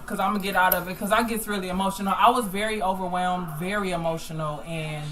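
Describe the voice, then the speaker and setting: A woman hosting a group call, telling a story in a loud, emotional, animated way. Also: fairly low pitch, fast talker, rough recording. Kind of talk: casual storytelling chat.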